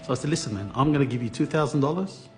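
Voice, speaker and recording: A man's voice: medium pitch, faint music behind. A man in an interview recounting an ordeal, stumbling over restarts and acting out what others said. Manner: acts out others' lines, halting restarts. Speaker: interviewee recounting being scammed. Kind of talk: animated storytelling interview.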